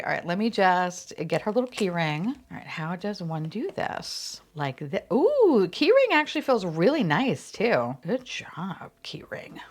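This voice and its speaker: Bubbly woman with a lively voice. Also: lowish voice, unhurried, few pauses. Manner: bubbly, swears, frequent laughs and squeals. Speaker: unboxing vlogger. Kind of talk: casual unboxing chat.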